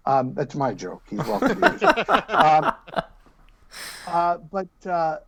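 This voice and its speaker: A man in his fifties, an actor appearing as a guest on a relaxed podcast interview, tells stories with lively humor and keeps restarting his sentences. His voice sits a little high and moves slowly.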